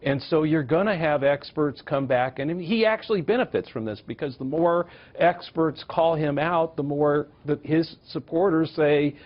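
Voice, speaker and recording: Measured male panel guest. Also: on the high side, highs cut off. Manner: measured, explaining, with restarts. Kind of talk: TV panel discussion.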